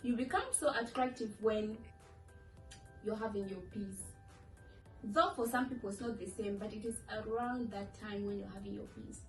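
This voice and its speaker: A woman's voice: mid-range voice, normal speed. A young woman vlogging in a chatty, playful way, acting out quoted voices as she talks. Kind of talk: casual talk to camera. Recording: echoey room from far off with faint music.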